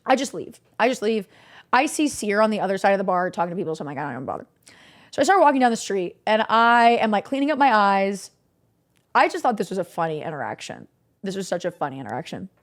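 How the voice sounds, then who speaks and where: A woman's voice: mid-range voice, expressive, quick pace. A young adult woman streamer telling a story to her chat in a rambling, candid way, with lots of "like" fillers and casual swearing.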